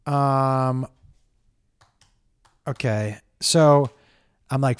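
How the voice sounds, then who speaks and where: Man, live-stream storyteller, profane and rambling, somewhat high voice, dry close sound. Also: measured pace, pauses often, dry recording. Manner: animated, profane, rambling with many restarts. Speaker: live-stream host telling a story to viewers.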